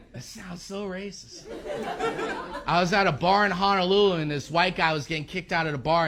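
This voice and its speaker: A man telling a brash stand-up story to a club audience. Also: fairly high pitch. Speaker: stand-up comedian. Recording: noisy club recording with audience.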